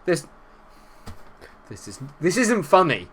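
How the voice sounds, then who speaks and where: A young man commentating his own football management game, exasperated, swinging from low muttering to shouting at his players. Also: normal speed. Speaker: gaming YouTuber. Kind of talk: let's-play commentary.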